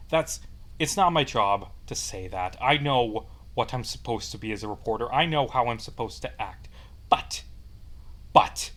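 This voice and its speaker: A man's voice: mid-range voice, a bit bright. Man, young adult, vlogger, angry rant, swears a lot, repeats phrases. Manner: heated, profane, repeats himself.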